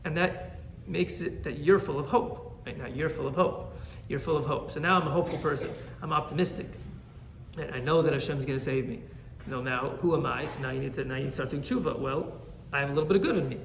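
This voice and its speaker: A man, a rabbi, teaching an animated Torah class and often checking in with "right?". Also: a little high, fast, creaky, echoey room, slight background noise.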